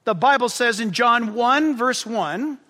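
A man preaching a sermon as pastor, impassioned and yelling at times with excitement. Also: very high voice, unhurried, in a large hall.

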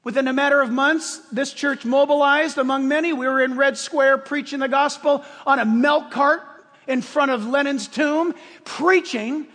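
A man preaching a sermon as pastor, impassioned and emphatic, often rising to shouts in front of his congregation. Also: very high voice, fairly even intonation, moderate pace. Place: church sanctuary with congregation. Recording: long hall reverb.

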